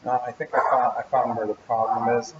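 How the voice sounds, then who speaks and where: A man hosting a casual livestream from a hospital, talking in a subdued, hushed way on a built-in computer mic. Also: medium pitch, level tone, fairly quick. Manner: subdued, keeps his voice down. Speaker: channel host. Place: indoors at a hospital. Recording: dull lo-fi stream audio with faint background noise.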